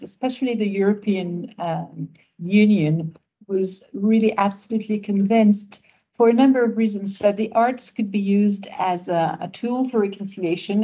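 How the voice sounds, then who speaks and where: A woman's voice: mid-range voice, dark tone, highs cut off. Hesitant woman giving an academic answer. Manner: hesitant, many fillers and restarts. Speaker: academic speaker.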